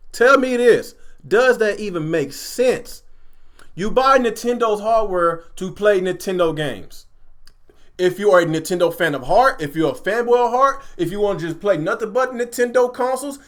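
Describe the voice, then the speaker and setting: A man hosting a casual gaming livestream from home, ranting with animated energy and talking straight to his chat. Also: sits high. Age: adult, a father. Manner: animated, repetitive, addresses chat directly.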